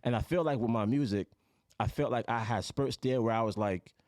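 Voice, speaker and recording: A man's voice: medium pitch, fairly quick, darkish tone, no room sound, studio quality. A man from Jamaica, a guest musician in casual podcast chat, laid-back and full of "you know".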